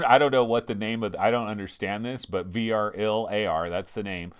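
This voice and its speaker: A man's voice: on the low side, a little fast, hardly any pauses, a bit bright, clean tone. A man hosting a VR game show, giving a casual, slangy and ranting game review.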